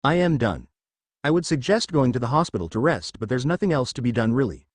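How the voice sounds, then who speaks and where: A man's voice: mid-range voice, lively intonation, brisk, no echo, natural voice. A man voicing a stern young male ninja medic who talks bluntly and scolds.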